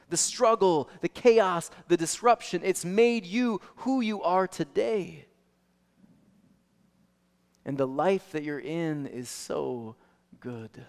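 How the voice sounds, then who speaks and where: A man's voice: high-pitched, takes it slowly, creaky. Man preaching in a reverberant church. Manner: animated storytelling, swings from soft to loud. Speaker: pastor. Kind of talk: sermon. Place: church sanctuary. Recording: long reverb of a church hall.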